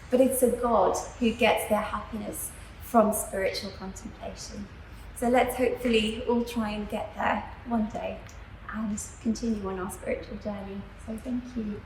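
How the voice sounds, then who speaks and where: A woman gives a lecture to students in a school room, telling her story gently and earnestly. Her voice sits a little high. The room echoes around her, with a faint hiss in the background. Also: gravelly. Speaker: teacher.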